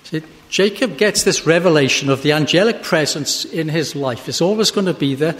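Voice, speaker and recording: A man preaching a sermon, slow and measured, rising to a fervent pitch at his climaxes. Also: fairly bright tone. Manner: slow and measured, with long pauses. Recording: hall reverb.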